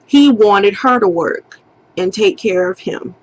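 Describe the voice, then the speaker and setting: Slow-talking storytelling woman, lo-fi. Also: medium pitch. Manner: animated, acts out quotes, swears freely. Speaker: vlogger. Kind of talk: casual storytime.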